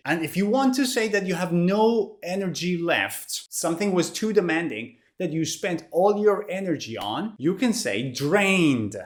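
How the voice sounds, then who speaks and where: A woman teaches English vocabulary in an animated voice that rises and falls widely. She speaks clearly and deliberately and repeats each new word so learners can copy it. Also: on the low side. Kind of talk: vocabulary lesson.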